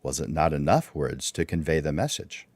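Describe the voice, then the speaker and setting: A man with a deep, low voice leads a livestreamed workshop on public speaking. He talks in an instructive way and fires off one rhetorical question after another. The sound is dry and close, with no room echo. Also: expressive, moderate pace, a little mellow. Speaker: workshop presenter.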